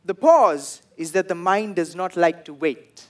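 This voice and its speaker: A young man with a Sri Lankan English accent performing a stand-up comedy set, telling stories and acting out the people in them in loud bursts. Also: sits high, measured pace. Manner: animated storytelling, acts out quoted people in loud bursts.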